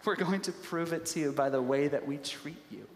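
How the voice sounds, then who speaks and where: A man gives a sermon in a loose, conversational storytelling way, often restarting his sentences. His slightly high voice carries a long, roomy reverb from a large church hall. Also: fairly quick. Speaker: pastor.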